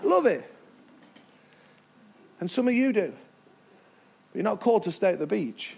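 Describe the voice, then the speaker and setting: Male preacher with an unusually high voice, emphatic and crowd-engaging. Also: lively intonation, fairly quick, creaky, darkish tone. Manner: emphatic, stretching key words, drawing in the crowd. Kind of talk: sermon. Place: church before a live congregation.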